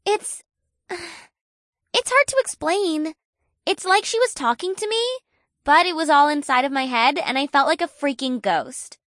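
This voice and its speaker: A woman voicing an excitable young woman scientist, high bright voice, audiobook character, eager questioning, dry close sound. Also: a little slow, no room sound. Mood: wondering.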